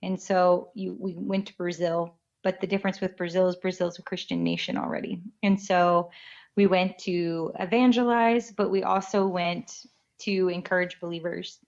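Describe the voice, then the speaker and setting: A woman's voice: lowish voice, fairly even intonation, moderate pace, a little mellow. A woman missionary guest in a casual interview, speaking matter-of-factly and plainly correcting the host. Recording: dull lo-fi audio.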